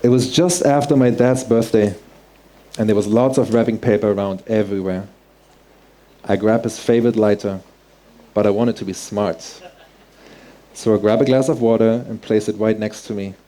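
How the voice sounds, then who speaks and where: A man's voice: on the low side, fairly even intonation, normal speed, long pauses, mellow. A man telling a personal story on stage, earnest and heartfelt, in vivid present tense. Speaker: speaker.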